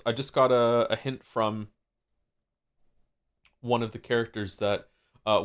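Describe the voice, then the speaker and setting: A man with a somewhat low voice chats with his stream audience. He rambles, stacking fillers and restarts as he thinks aloud into a desk microphone. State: losing his voice. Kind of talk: casual chat with chat.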